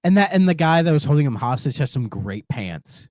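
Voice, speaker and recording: A man's voice: a little high, brisk, no room sound. A man co-hosting a podcast in a casual chat, telling stories with lots of laughter. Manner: laughs often, animated storytelling. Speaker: podcast co-host.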